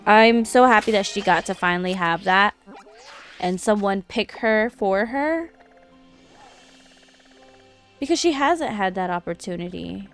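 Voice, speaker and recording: A woman streaming a game and chatting casually, gossiping in an animated way with frequent laughter. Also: medium pitch, a little slow, long pauses, soft background music. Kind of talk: casual chat while gaming.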